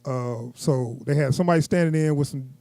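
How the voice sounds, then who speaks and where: A man, co-hosting a podcast in casual chat, animated and slipping into quoted voices. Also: medium pitch, a little fast, vocal fry, no room sound. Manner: animated, acts out quoted people in raised voices. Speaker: podcast co-host.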